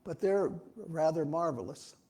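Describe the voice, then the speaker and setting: Speaking at a church, a man delivers an informal, folksy sermon that rambles and keeps restarting. His voice sits on the high side with lively intonation and a warm tone, and he takes his time.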